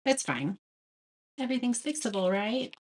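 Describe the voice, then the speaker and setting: A woman's voice: on the high side, very animated, normal speed, husky. A woman chatting casually as she hosts a live craft tutorial, reading viewer comments and laughing at her own mistakes. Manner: chatty, self-deprecating, reads viewer comments aloud. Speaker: craft livestream host.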